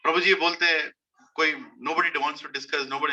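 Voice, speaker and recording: Indian man preaching, high sharp voice, hammers points home by repeating them. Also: quick pace, lo-fi sound. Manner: emphatic, repeats key phrases. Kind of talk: devotional sermon to a congregation.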